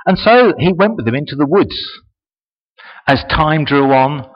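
A man giving a storytelling speech to an audience, animated and chatty, with asides to his listeners. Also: a little high, measured pace. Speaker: speaker at a presentation. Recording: dull lo-fi recording.

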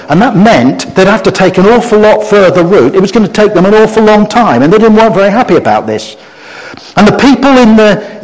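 A middle-aged man preaching a story-based sermon, acting out the people in the story and getting the audience to join in. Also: on the high side. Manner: animated storyteller who acts out quotes and gets the audience to join in. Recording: long reverb of a large hall.

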